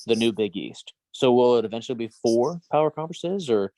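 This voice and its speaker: A man's voice: medium pitch, animated, a little fast, warm tone, no room sound. A man co-hosting a podcast in casual sports chat, rambling and hedging through trivia asides. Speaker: podcast co-host.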